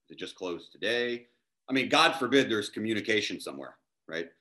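With a lowish voice and a fairly fast delivery, a man who's a guest chef spins a story during a relaxed chat. He animatedly performs the dialogue, voicing each person in the tale.

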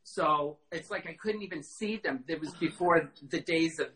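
A middle-aged man, a guest in a casual interview, telling animated stories and acting out quoted dialogue, with frequent fillers. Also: a little high, moderate pace, a little hiss or hum, poor audio. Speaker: costume designer guest.

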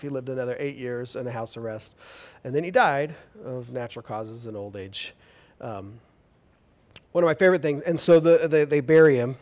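A male pastor preaching a sermon with animated, jokey storytelling. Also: mid-range voice, brisk.

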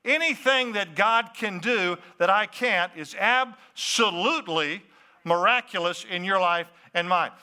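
Pastor, lively preaching with asides to the crowd, bright voice. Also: male voice, sits high, unhurried, clean tone. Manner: animated, talks to the crowd with questions and asides. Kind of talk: sermon.

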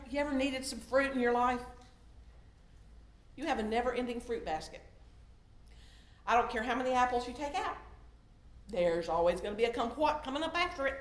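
A middle-aged woman giving a sermon in a conversational way, swinging from loud emphasis down to soft, hushed tones. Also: on the high side, reverberant. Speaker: lay preacher.

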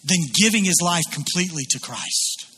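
A man's voice: sits high, lively intonation, normal speed, sharp tone, slightly rough, faint music behind. A man preaching a sermon, retelling a biblical scene and voicing its people as he goes. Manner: storytelling with voiced quotes of biblical figures. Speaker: pastor.

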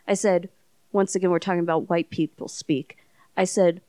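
A woman's voice: fairly low pitch, steady tone, measured pace, a little mellow, clean tone, no room sound. A woman hosting a podcast in casual chat, telling stories with lots of fillers and restarts. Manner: rambling storyteller with many fillers. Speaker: podcast host.

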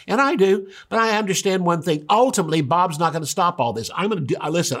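A middle-aged male pastor preaching with emphatic, animated delivery. His voice sits a little higher than most men's, and it leaps up when he acts out voices. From United States. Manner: emphatic preaching, rising high for acted quotes. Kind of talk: sermon.

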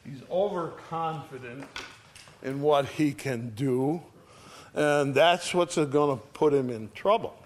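A man's voice: a little high, slow pace, a little hiss or hum. A man preaching a conversational sermon, reading scripture aloud and often checking in with his listeners. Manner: conversational Bible teaching, reads scripture aloud; often checks in with "all right?".

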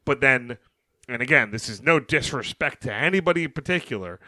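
A young man co-hosting a sports podcast, animated and talking over his co-host as he recaps games. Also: medium pitch, a little fast, no room sound. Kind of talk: casual sports chat.

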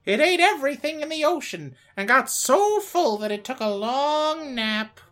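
A dreamy, gentle male ghost cat , played by a woman, rambling like a child in a put-on accent. His voice is high and swoops all over, with soft music underneath. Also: expressive, moderate pace.

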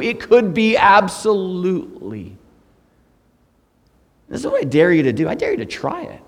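Middle-aged male guest pastor, humorous preacher with a high-ish voice, long church echo. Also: sing-song, moderate pace. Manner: humorous, swings between soft and loud. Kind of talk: sermon. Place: church sanctuary.

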